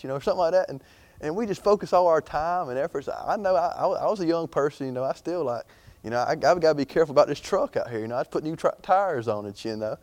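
A man's voice: a little high, animated, quick pace, darkish tone, no echo. A young man preaching an informal sermon in a chatty, rambling way, full of fillers and restarts.

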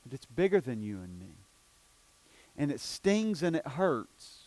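A man preaching a sermon as pastor in a church, with an East Tennessee accent, swinging from hushed, low lines to loud, emphatic declarations. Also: very animated, a little slow, no echo. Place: church sanctuary.

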